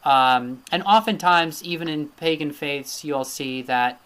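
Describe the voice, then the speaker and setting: A man's voice: fairly high pitch, measured pace, fairly bright tone, smooth. A man teaching a recorded lecture with slides, thinking aloud and checking in with his listeners. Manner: thinking aloud, with frequent fillers and "right?" tag questions. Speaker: Ayurveda teacher.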